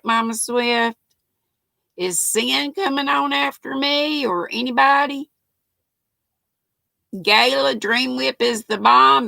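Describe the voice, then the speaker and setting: A woman's voice: fairly high pitch, vocal fry, bright, forceful tone, no echo. An older woman hosts a casual livestream, reading viewers' comments aloud in a chatty, folksy way. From North Carolina, US. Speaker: livestream host.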